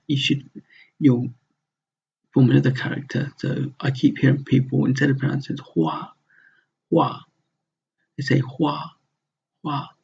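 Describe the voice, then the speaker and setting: A man's voice: medium pitch, creaky, darkish tone, slightly rough. A man teaching a recorded slide lesson, explaining step by step and repeating words to model their pronunciation. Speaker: language teacher. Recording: dull lo-fi sound.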